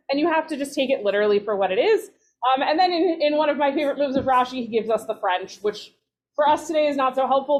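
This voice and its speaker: A rabbinic resident with a high voice leads a casual text study. She's chatty, tossing in lively asides and quickly correcting herself.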